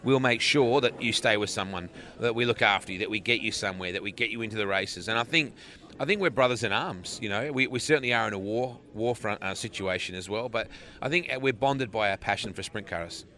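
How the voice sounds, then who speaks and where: A man's voice: lowish voice, brisk, pushed and bright. A man in his forties with an Australian accent, a race announcer chatting easily and laughing often in an interview. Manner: laughs often, easygoing and jokey. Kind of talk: casual interview chat.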